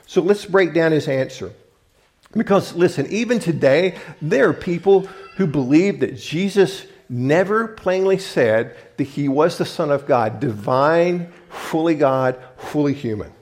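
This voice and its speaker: A man's voice: a little high, lively intonation, a little slow, a little mellow. A man preaching a sermon, emphatic and often restarting to rephrase his point as he urges listeners to look and listen. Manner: restarts and rephrases mid-thought. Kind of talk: sermon teaching from scripture.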